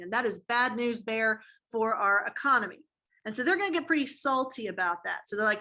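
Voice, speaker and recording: A woman's voice: a little high, expressive, a little fast, bright, forceful tone. A woman teaching a history class in a casual, slangy way, asking students questions as she goes. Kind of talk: classroom lecture.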